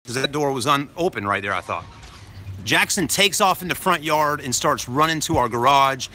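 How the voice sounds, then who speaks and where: Standing outside a grocery store, a man films himself on his phone while casually telling a rambling story, ending points with "okay?" He's a dad with a medium-pitched, animated voice that sounds pushed and bright, speaking at normal pace.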